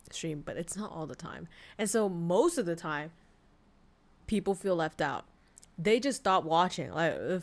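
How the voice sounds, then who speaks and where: A young woman from Vietnam, a VTuber streamer chatting casually on a livestream, frank and quick to swear and laugh. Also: lowish voice. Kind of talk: casual livestream chat reading posts.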